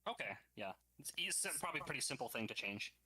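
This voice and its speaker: A woman's voice: extremely low pitch, animated, fast talker, pushed and bright, breathy edge. A woman co-streamer chatting on a voice call, giving brief, agreeable replies.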